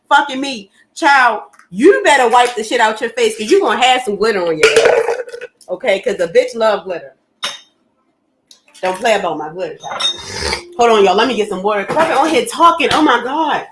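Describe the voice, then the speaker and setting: A woman, hosting a livestream and ranting bluntly and profanely to her chat, swinging between loud and low. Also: expressive, normal speed, noisy background. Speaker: livestream host. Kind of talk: casual livestream rant.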